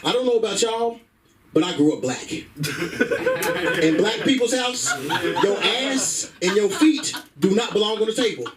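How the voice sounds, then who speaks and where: A man's voice: sits high, expressive, a little slow, far from the mic, a loud crowd, poor audio. A man doing a stand-up comedy set on a comedy club stage through a stage microphone, telling stories in a brash, profane way.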